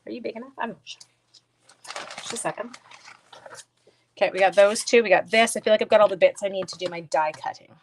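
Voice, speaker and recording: A woman's voice: mid-range voice, fast, pauses often. A woman hosting a crafting livestream, chatting casually with viewers and teasing herself while she works. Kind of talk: casual crafting chat, reading viewer comments. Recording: faint background noise.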